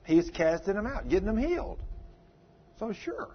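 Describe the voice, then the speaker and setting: A man's voice: sits high, big pitch swings, normal speed, slightly rough. A man preaching a sermon, telling stories with strong rises and falls in his voice. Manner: emphatic, rising and falling with storytelling. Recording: dull lo-fi recording.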